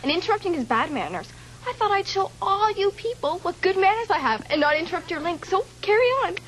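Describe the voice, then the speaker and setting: A woman's voice: extremely high pitch, very animated, fairly quick, a bit bright. A woman hosting a sketch comedy show, gushing and chattering breathlessly. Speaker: sketch show host and cast member. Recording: noisy old TV recording.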